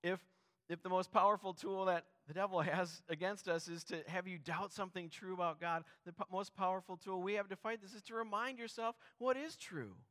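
Earnest, slightly high-voiced male preacher. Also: steady tone, brisk, fairly bright tone. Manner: earnest, conversational preaching with rhetorical questions. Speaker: pastor. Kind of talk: sermon.

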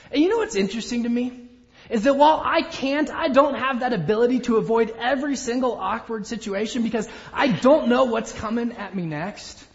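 High-voiced male pastor in a reverberant hall. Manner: storytelling, self-deprecating humor. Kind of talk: sermon. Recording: dull audio with long hall reverb.

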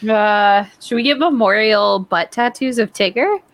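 Woman on a podcast, mid pitch, chatty, loves telling a story and laughing. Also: measured pace, dry recording. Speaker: podcast co-host. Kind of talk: casual chat.

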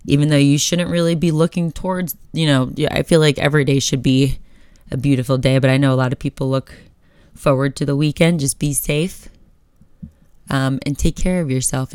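Candid young woman podcaster, smooth voice. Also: deep voice, steady tone, moderate pace, darkish tone, dry recording, studio quality. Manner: candid, swears freely, motivational. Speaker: podcast host. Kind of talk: casual solo podcast talk.

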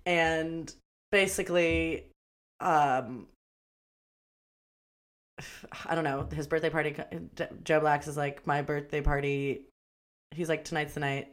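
A woman's voice: sits low, fairly even intonation. A woman co-hosting a podcast, chatting casually about a movie, rambling and laughing as she acts out lines. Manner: chatty, rambling, quick to laugh and act out quotes. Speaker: podcast co-host. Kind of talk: casual movie review chat.

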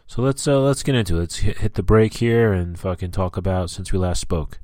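A man's voice: low voice, fairly quick, darkish tone, no echo. A man hosting his own podcast, rambling and ranting in casual, heavily profane talk. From New York and New Jersey area. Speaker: podcast host. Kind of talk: casual solo podcast monologue.

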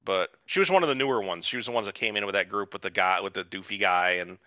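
Profane rambling podcast man, bright edge. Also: fast, no room sound, highs cut off. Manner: rambling, profane, acts out quotes with a jumping pitch. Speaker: podcast co-host. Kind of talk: casual chat, retelling a TV episode.

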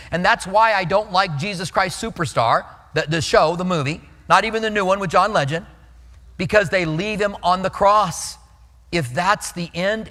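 A man's voice: fairly high pitch, a bit bright. A man preaching a sermon as pastor, telling stories earnestly and often repeating a word as he starts a line. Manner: earnest storytelling, repeats words when starting lines. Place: church sanctuary. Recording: long hall reverb.

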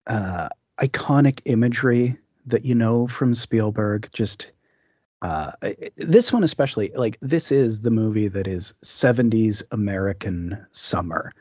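A man's voice: fairly low pitch, unhurried, darkish tone, breathy edge, no room sound, lo-fi sound. A man co-hosting a podcast, chatting casually about films, with many fillers and restarts. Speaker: podcast co-host. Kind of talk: casual film discussion.

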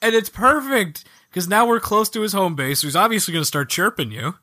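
A man co-hosting a podcast, chatting casually about video games in a jokey, animated way and acting out lines from the game. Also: high voice, a little fast. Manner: animated, jokey, acts out quoted game characters. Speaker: podcast co-host.

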